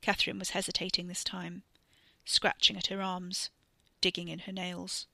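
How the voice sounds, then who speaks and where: A woman narrating a serialized story in a measured, literary style. Her voice is bright and clear, recorded close and dry. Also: lowish voice, little pitch movement, no echo. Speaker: audiobook narrator. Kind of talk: scripted narration.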